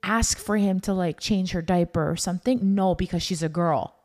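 A woman's voice: fairly low pitch, moderate pace, a little mellow. A woman in casual podcast chat, talking bluntly and outspokenly. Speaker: podcast guest.

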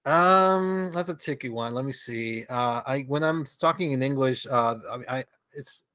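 A man's voice: mid-range voice, a little slow, smooth, no room sound. Venezuelan guy on a podcast, laughs a lot, drops f-bombs, dry close sound. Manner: relaxed, hesitant, laughs often, swears freely. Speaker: guest, comic creator. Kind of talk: casual interview chat.

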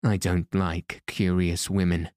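A man's voice: low-pitched, little pitch movement, slow pace, darkish tone, clean tone, no room sound, studio quality. A man reading the lines of a menacing, jealous masked man in an audiobook, with a threatening delivery.

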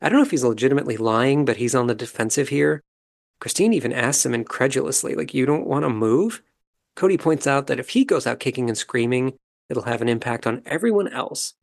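Man, podcast host, calm and measured, casual commentary, gravelly, medium pitch. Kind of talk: casual commentary recapping a reality show.

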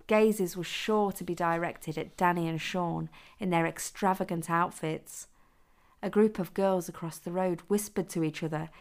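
A woman who is the author, reading her own adult story aloud in a steady, even manner. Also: fairly low pitch. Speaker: author and narrator.

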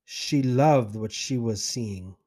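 A man's voice: mid-range voice, slow, darkish tone. A man hosting a podcast, earnestly recounting his own story in the first person. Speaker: podcast host.

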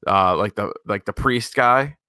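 Bright-voiced man recapping a movie. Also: fairly low pitch, measured pace, dry recording, clean studio sound. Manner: laid-back, swears, laughs often. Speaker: podcast co-host. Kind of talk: casual movie recap chat.

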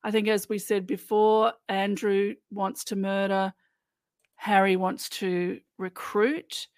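A woman's voice: mid-range voice, little pitch movement, slow pace, a little mellow, no echo. Chatty woman co-host, dry sound. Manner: chatty, amused, recounts scenes. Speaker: podcast co-host. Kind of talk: casual podcast chat.

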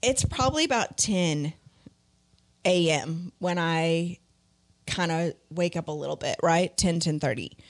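A woman's voice: on the low side, unhurried. A young adult woman co-hosting a podcast, telling a long story in casual chat and quoting others as she goes. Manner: animated storyteller, quotes her dad. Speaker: podcast co-host.

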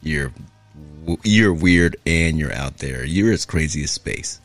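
A man's voice: very deep voice, lively intonation, measured pace, no room sound, faint music behind. A man from Southern California talking in casual, laid-back podcast chat, full of fillers and swearing. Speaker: podcast co-host.

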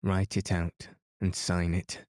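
Stern proud teen girl read by a man, lofty, low and slow. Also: completely flat delivery, darkish tone, no room sound, clean studio sound.

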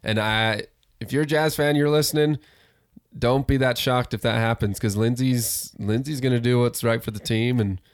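A man's voice: medium pitch, fairly even intonation, moderate pace, clean tone, no echo. Laid-back man talking sports, dry sound. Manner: laid-back, opinionated, laughs easily. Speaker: podcast co-host. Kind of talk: casual sports chat.

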